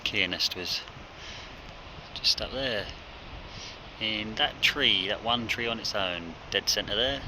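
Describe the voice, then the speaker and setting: A hunting vlogger with a New Zealand accent rambles casually to his phone camera as he climbs a mountainside outdoors, out of breath, dehydrated, frustrated, and swearing a lot. His voice is on the low side, and he speaks slowly with frequent pauses over background noise.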